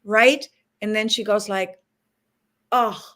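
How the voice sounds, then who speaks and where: A woman's voice: mid-range voice, normal speed, fairly bright tone. A woman being interviewed as an animal hospice guest, speaking earnestly and acting out what people and pets say. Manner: earnest, acts out quoted dialogue. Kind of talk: interview conversation.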